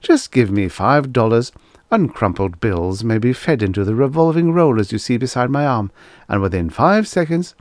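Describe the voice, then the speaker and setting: A man voicing a smooth, winning male sales robot with a voice like a television announcer. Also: mid-range voice, animated, moderate pace, no echo, studio quality, pitched above the performer's own voice, close to an everyday voice. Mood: salesy.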